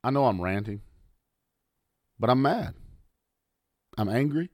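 A man ranting angrily on his podcast, swearing often and lurching from low mutters to loud outbursts. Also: animated, slow, no room sound, studio quality. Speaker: podcast host. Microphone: audio only, close mic.

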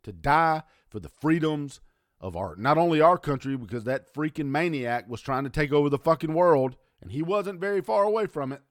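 A man ranting angrily on his podcast, swearing often and lurching from low mutters to loud outbursts. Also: lively intonation, moderate pace, dry recording, studio quality. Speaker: podcast host. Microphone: audio only, close mic.

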